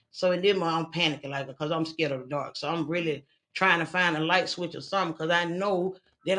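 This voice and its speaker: A woman's voice: on the low side, fairly even intonation, brisk, fairly bright tone. A woman guest telling her own survival story in a candid, blunt and profane way. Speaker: interview guest. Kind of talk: candid personal testimony.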